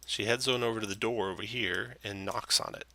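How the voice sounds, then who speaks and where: A man narrating as dungeon master in a relaxed, meandering way, with plenty of fillers. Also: lowish voice, brisk, no echo. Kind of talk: narrating a tabletop game.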